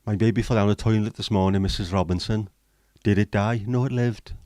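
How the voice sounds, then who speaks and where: A man's voice: on the low side, fairly even intonation, fairly quick, dark tone, no room sound, clean studio sound, lightly acted. A man putting on a Welsh accent to tell corny jokes, with jokey punchline delivery. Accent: put-on Welsh.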